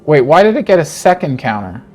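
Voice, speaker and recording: A man giving casual, animated commentary on his own card game, talking to himself and joking through his frustration. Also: a little high, fairly quick, slight background noise. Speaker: game streamer. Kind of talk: gameplay commentary.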